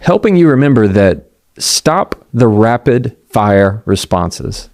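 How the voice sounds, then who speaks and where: A middle-aged man gives a motivational talk on communication. He speaks conversationally, acts out quoted voices and slows down to land key points. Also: lowish voice, very animated, darkish tone. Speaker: communication coach.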